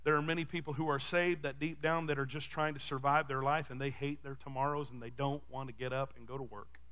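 A man with a Texan accent preaching a sermon as pastor, calling out to the congregation and swinging from shouted peaks to quiet, fast asides. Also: mid-range voice, fairly even intonation. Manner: preaching with call-and-response, rising to shouts. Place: church sanctuary.

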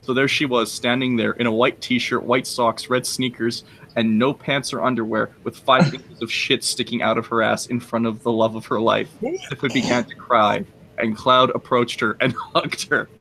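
A man's voice: mid-range voice, fairly even intonation, moderate pace, creaky, sharp tone, a little hiss or hum, low-quality recording. Man, stream host, reads aloud, giggly, casual chat. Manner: reads aloud, breaking into laughter. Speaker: stream host reading a fan story aloud.

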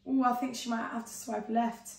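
A woman's voice: fairly high pitch, level tone, moderate pace, creaky, roomy sound, a loud crowd. A woman chatting casually, bossy and playfully teasing. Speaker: sister, co-host. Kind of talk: casual chat.

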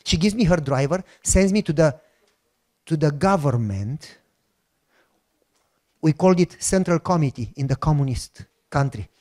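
A man with a Romanian accent telling a personal testimony as a sermon, acting out the dialogue and bursting into shouts. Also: fairly high pitch, moderate pace, long pauses. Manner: animated storytelling with acted-out dialogue and shouted outbursts. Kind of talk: sermon storytelling.

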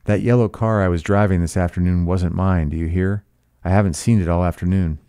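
Male reader as a domineering rich man, gruff and decisive, deep, clear, dry tone. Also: steady tone, brisk, warm tone, no room sound. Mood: firm. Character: gruff, commanding wealthy man, middle-aged.

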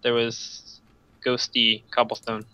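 A co-op player chatting casually during a game, making dry, deadpan quips. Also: medium pitch, takes it slowly, no room sound, low-quality recording. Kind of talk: casual gameplay chat.

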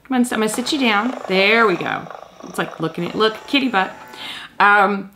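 A woman's voice: mid-range voice, animated, moderate pace, background noise. A woman in her thirties hosting a casual toy review vlog, chatty and playful, cooing at a toy kitten.

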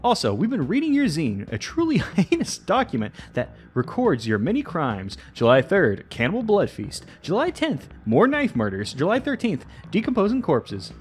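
A cooing, sing-song young woman voiced by a man, taunting and mocking in a video game. Her voice sits high and swings widely as she teases. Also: wildly swooping pitch, moderate pace, hardly any pauses, slight background noise.

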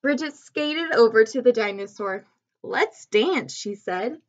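A woman reading a picture book aloud to children, expressive and pausing to ask the listener questions. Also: a little high, highs cut off. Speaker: storybook reader.

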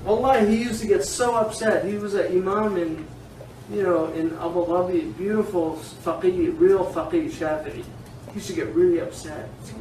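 Speaking at a normal speed, a high-pitched man who teaches Islamic law delivers a casual classroom lecture full of animation, tangents and frequent laughter. He's picked up by a far-off microphone in a reverberant room with light hiss underneath.

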